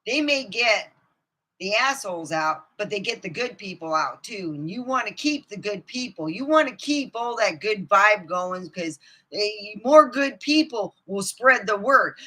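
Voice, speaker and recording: A woman ranting profanely to her camera, swinging from low muttering to outbursts of shouting. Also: lively intonation, a little slow. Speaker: vlogger. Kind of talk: angry ranting monologue.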